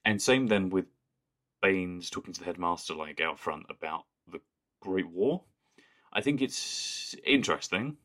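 A man's voice: low voice, lively intonation, measured pace, fairly bright tone. A man co-hosting a podcast in casual chat, rambling and amused, often laughing. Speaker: podcast co-host.

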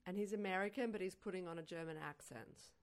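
A woman co-hosting a podcast chats casually about movies in a voice on the low side, talking quickly. She explains her points with emphasis and enthusiasm, often stumbling over her words.

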